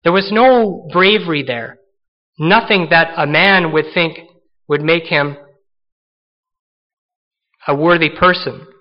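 A man's voice: a little high, takes it slowly, pauses often, lo-fi sound. A man preaching an earnest sermon, acting out the voices of the people in the stories he tells. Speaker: pastor.

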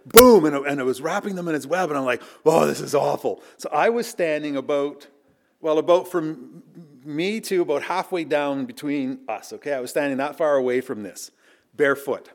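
A middle-aged male preacher with a voice sitting a touch above the usual male range. He tells his story in an earnest, storytelling way. He leans loudly into the emphatic lines, then falls to a near-murmur for the asides. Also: a little high. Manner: earnest, swinging between loud emphasis and hushed asides. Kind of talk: storytelling sermon. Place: chapel.

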